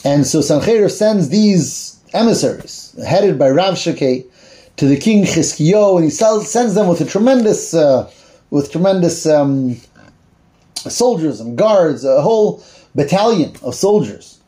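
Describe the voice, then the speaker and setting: High-voiced man retelling a Bible story. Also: animated, unhurried, dark tone. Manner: conversational storytelling, searches aloud for words. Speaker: teacher.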